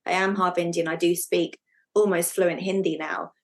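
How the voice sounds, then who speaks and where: A woman with a slightly low voice hosts a relaxed podcast talk. She shares her own experiences and backs her guest with frequent murmurs of agreement. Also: moderate pace. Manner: warm listener, frequent affirming murmurs. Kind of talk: casual podcast conversation.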